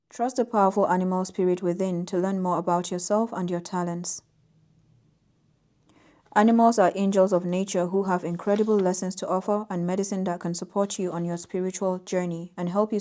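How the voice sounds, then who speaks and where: Female tarot reader, soft-spoken, warm mellow tone, gentle emphasis on card meanings. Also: lowish voice. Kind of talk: intuitive tarot reading to camera.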